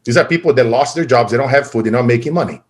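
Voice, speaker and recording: A man giving a motivational keynote talk, energetic and swinging from loud to quiet and emotional. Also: medium pitch, very fast. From Brazil. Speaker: keynote speaker.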